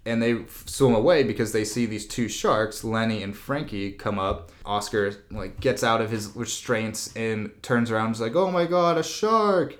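Casual man recapping a movie. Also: fairly low pitch. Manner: laughing, sarcastic, animated retelling with quick voices. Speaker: podcast co-host.

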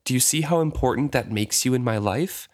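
A man reading as a quiet, weary courtesan. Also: mid-range voice, brisk, natural voice. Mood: quiet pleading. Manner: quiet, flat, pleading. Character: weary, bitter young courtesan woman.

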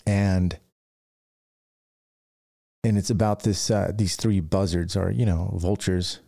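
A podcast host who owns a dent repair business speaks slowly in a low, warm, steady voice touched with vocal fry. He rambles through casual business advice, restarting his sentences and acting out stories.

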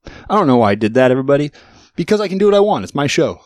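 Man, late thirties, podcast host, casual rambling chat, self-mocking, medium pitch, dry close mic. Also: big pitch swings, rapid-fire, dry recording. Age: 30s. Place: studio.

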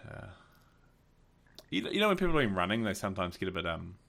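A middle-aged man hosts a casual podcast chat in a very deep voice. His tone is bright and forceful. He tells loose, rambling anecdotes with plenty of laughter. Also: very animated, brisk, vocal fry. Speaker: podcast host.

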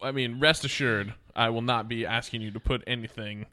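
A man's voice: mid-range voice, steady tone, a little fast, bright, forceful tone. A man hosting a podcast in casual chat, joking crudely and laughing often. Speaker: podcast host.

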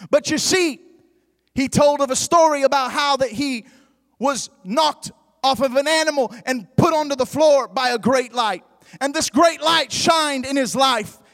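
A man preaching a fiery sermon, often shouting, his voice unusually high and his delivery slow and deliberate. A long hall reverb trails every phrase.

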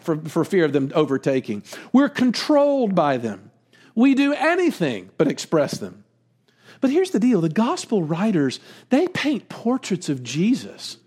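A man preaching a sermon in an animated way, with chuckles and slowed emphasis on key words. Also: high voice, husky. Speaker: pastor.

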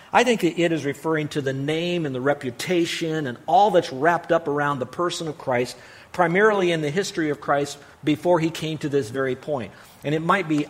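Earnest preaching man, slightly high voice. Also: husky. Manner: earnest preaching, rising to emphatic peaks and dropping to quiet asides. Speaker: pastor. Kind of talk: sermon.

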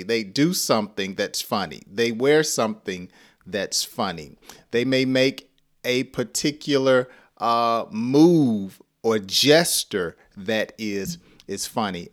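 Male English teacher, lively and expressive, slow deliberate delivery, acts out sample lines. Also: mid-range voice. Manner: animated, laughs often, acts out example phrases. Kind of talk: conversational English lesson.

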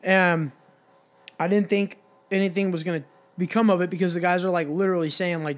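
A man's voice: high voice, steady tone, a little fast. A young man casually telling a long, profane bar story on a podcast, quoting the people in it. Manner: profane, rambling anecdote with quoted voices. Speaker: podcast co-host.

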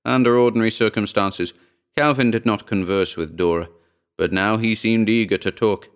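Guy reading a short story aloud, really deep voice, smooth and clear, steady pace. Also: normal speed. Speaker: narrator. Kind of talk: scripted story narration.

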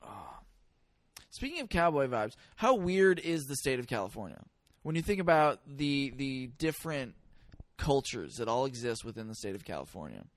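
A man hosting a casual podcast chat, easygoing and quick to agree and laugh along. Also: mid-range voice, big pitch swings, no room sound. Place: Sacramento.

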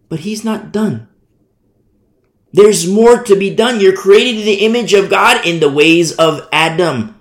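Guy preaching, kinda high voice, repeats stuff for emphasis, echoey room. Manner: emphatic, repeats key phrases, swings between loud and soft. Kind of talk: sermon. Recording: roomy echo.

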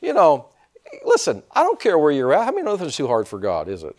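A male pastor delivers a sermon to his church. His pitch sits a little high and swings widely as he preaches with energy, often asking the room questions to draw responses. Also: quick pace. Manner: animated preaching with call-and-response questions to the congregation. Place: church sanctuary.

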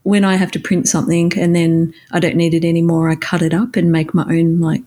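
A woman's voice: lowish voice, level tone, fairly quick, warm tone. Woman, casual podcast co-host, chatty and giggly. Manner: chatty, laughs often, rambling asides. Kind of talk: casual chat.

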